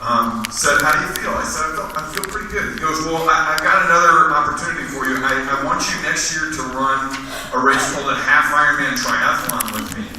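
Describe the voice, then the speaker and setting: A man speaking as a guest, telling a self-deprecating story with lively quoted voices. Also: fairly high pitch, brisk, far from the mic, noisy background. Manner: self-deprecating, animated when quoting others. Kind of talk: storytelling at a church event. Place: large echoey hall. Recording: echoey hall recorded from afar.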